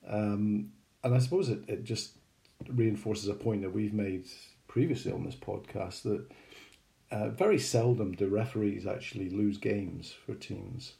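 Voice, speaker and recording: Gravelly, mellow-voiced man chatting. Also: on the low side, unhurried. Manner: rambling, hesitant with many ums. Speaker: podcast co-host. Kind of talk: casual chat.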